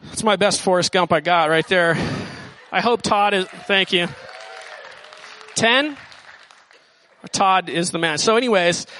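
A male student pastor preaching in a high, bright voice with a relaxed, slangy delivery. He slips in quick acted-out lines for the people in the story. The sound is dry and close. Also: no room sound, a faint crowd. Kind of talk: sermon.

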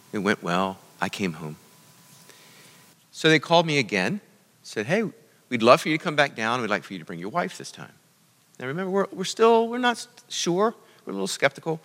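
A middle-aged man preaches in a relaxed, story-driven way, speaking at an ordinary pitch for a man. His voice is bright and forward, and a long reverb hangs after it. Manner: conversational, with asides to listeners. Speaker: church speaker. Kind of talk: storytelling sermon.

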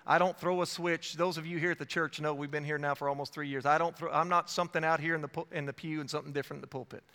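Bright-voiced preaching man in a reverberant church. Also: fairly high pitch. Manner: dynamic preaching with sharp swings in loudness and frequent self-quotation. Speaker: evangelist. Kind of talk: sermon. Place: church sanctuary. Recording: long reverb of a church hall.

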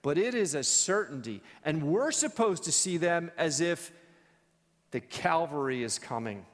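A man teaching a church Bible study in a conversational, animated storytelling way. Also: on the high side, unhurried, in a large hall.

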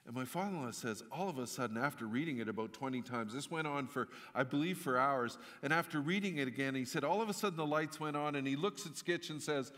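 A man's voice: medium pitch, animated, quick pace, sharp tone, in a large hall. A man preaching a sermon in a church, telling a story in a conversational way and rising into emphatic outbursts. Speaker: pastor.

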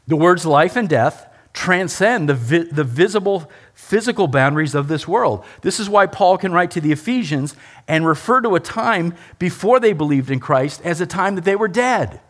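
A man preaching a sermon with a lively, swinging delivery. His voice sits a bit high and moves up and down a lot as he drives home each point. He keeps throwing rhetorical questions at his listeners. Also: moderate pace. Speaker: pastor.

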